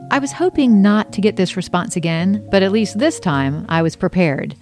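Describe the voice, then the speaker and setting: A woman's voice: medium pitch, animated, normal speed, hardly any pauses, darkish tone, soft background music. A woman reading her own memoir aloud, telling her story in an earnest, emotional first-person way.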